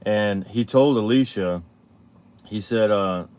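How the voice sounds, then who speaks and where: A man hosting a live show, telling a personal story in a rambling, halting way full of fillers and restarts. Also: on the low side, darkish tone, clear, resonant tone. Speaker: show host. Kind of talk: casual storytelling on a live stream.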